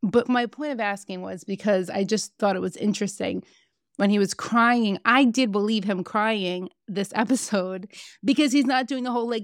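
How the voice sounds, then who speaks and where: A woman co-hosting a podcast, chatting in a casual and animated way and swearing freely as she recaps reality TV. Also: medium pitch, normal speed, dry recording, clean studio sound. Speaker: podcast co-host.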